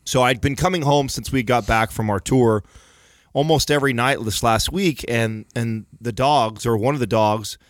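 A man's voice: medium pitch, moderate pace, dry recording, studio quality. Profane rambling storyteller man. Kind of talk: casual storytelling chat.

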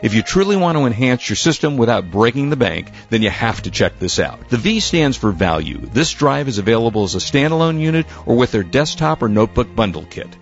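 A man hosting a radio talk show, chatting with guests and reading sponsor spots with enthusiasm. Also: mid-range voice. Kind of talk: casual radio chat and read ads. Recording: slightly dull radio audio.

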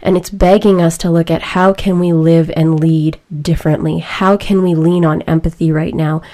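A young woman with a slightly low voice speaks in a reflective personal talk. She is earnest and emotional, and she chooses her words slowly and deliberately. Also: flat delivery, dark tone.

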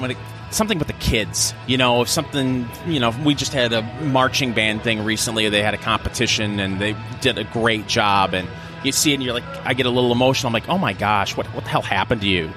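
A middle-aged man chatting casually as co-host, thoughtful and a bit halting, with self-deprecating humor. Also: mid-range voice, over music. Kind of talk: casual chat.

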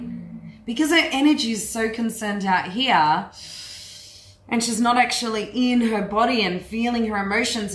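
Her voice is mid-range and fairly bright as she coaches a group on women's empowerment. The workshop talk is frank, earthy and animated, with free swearing, captured in an echoey room.

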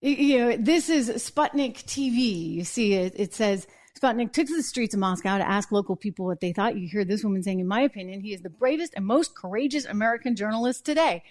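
A woman hosting a live political commentary show, talking in a chatty way with quick asides and restarts and wry laughs at her own points. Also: medium pitch, a little mellow.

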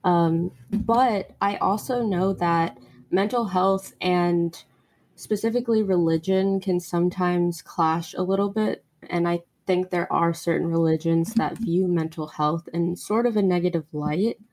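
A woman hosting an interview podcast who asks thoughtful, measured questions and often pauses on "um". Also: fairly low pitch, darkish tone, slight background noise. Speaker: podcast host.

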